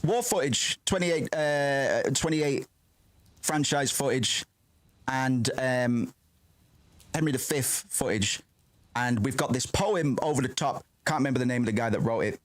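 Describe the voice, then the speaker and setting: This man streams a film reaction, his mid-range voice a little slow on a recording with no room sound. His commentary is casual and rambling, excitable, full of swearing, and he keeps breaking off his own sentences.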